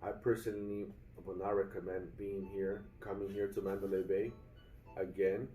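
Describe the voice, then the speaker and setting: A man's voice: deep voice, level tone, moderate pace, dark tone, far from the mic, soft background music. Rambling man venting in a roomy hotel room. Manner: rambling, frequent fillers and restarts, addresses viewers as guys. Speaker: vlogger. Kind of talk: casual vlog complaint.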